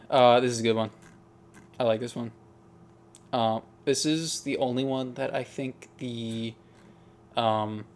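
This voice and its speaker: Man, casual commentary, thinking aloud, hesitant, mid-pitched voice. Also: darkish tone. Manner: musing, hesitant, frequent ums and restarts. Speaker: music ranking video host. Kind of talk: casual tier-list commentary.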